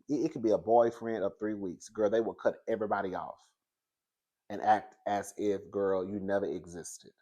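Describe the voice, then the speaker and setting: A man gives a casual review of a reality TV episode in an animated, gossipy way. He laughs often and keeps calling the listener girl. His delivery stays loose and conversational. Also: fairly low pitch. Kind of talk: casual commentary.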